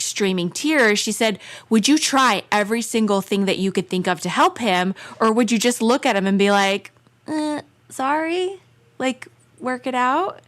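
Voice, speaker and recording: A woman's voice: mid-range voice, a bit bright. Earnest, frank woman telling stories. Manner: earnest storyteller, candid and frank. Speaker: podcast guest. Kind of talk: casual chat.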